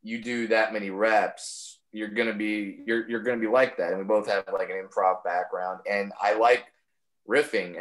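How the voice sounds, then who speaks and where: A man, a comedian guest on a podcast, telling stories in casual chat and slipping into quick impressions of friends. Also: fairly low pitch, poor audio. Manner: storytelling, animated impressions.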